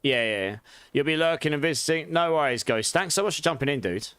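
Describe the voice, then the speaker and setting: A fairly high-pitched man talks fast and smoothly, with no echo, during a live game stream. He's English, with a London and Essex accent carrying a posh touch, and he chats casually, relaxed, reading and answering his chat and laughing often.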